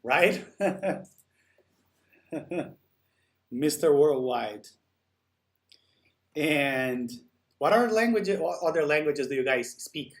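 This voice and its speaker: A man's voice: fairly high pitch, animated, extremely slow, long pauses. A man hosting a live stream, chatting casually and answering viewer comments while he works.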